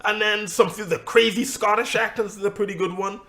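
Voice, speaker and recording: A man's voice: high voice, steady tone, brisk, sharp tone. A man co-hosting a casual podcast chat, opinionated and swearing freely as he argues his point. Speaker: podcast co-host.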